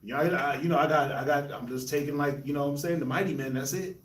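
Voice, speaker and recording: A man's voice: a little high, quick pace, roomy sound, far from the mic. A man hosting a casual Bible discussion, laughing often and talking in loose slang. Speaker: host of a Bible discussion show.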